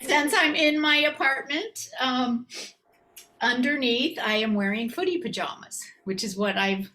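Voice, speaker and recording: Woman comic, bright voice, rambling self-deprecating stand-up, video call from home. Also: high voice, unhurried. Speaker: comedian. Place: her apartment.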